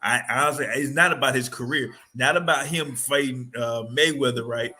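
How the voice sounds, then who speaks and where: A man co-hosting a sports podcast, chatting casually in an animated, rambling way full of slang. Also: mid-range voice, normal speed. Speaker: podcast co-host.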